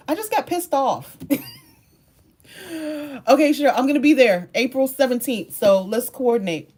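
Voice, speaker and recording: A woman content creator in a casual livestream chat, reading comments and answering viewers, animated and quick to laugh, moving between soft musing and excited outbursts. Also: on the high side. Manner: laughs often, talks straight to viewers.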